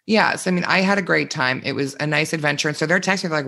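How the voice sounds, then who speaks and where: A man co-hosting a podcast in casual chat, telling stories with animated energy, acting out quoted voices and swearing freely. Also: a little high, fast talker, gravelly, hardly any pauses. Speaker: podcast co-host.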